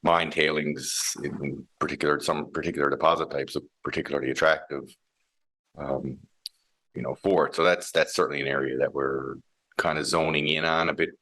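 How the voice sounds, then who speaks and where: Very deep-voiced man, bright tone. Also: fairly even intonation, a little fast. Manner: thoughtful, frequent restarts and fillers. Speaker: mining company CEO, interview guest. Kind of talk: conversational interview.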